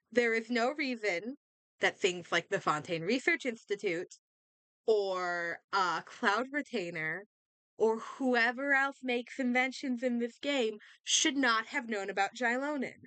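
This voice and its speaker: A young woman talks through a reaction video in an excitable, rambling way, full of fillers and restarts. Her voice is bright and crisp. The sound is dry and close on a desk mic. She is a little under the weather. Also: on the high side, a little slow, dry recording. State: slightly sick. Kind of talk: casual reaction commentary. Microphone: desk microphone.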